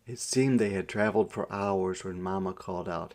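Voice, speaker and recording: A man reading a children's picture book aloud in a measured narrating style. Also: deep voice, darkish tone. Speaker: storybook reader.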